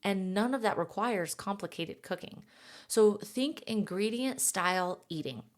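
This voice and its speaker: A woman in her thirties talks to fellow moms in a relaxed coaching monologue, with a voice that sits on the low side. She is chatty and encouraging, and she laughs at herself easily. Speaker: podcast host and mom coach.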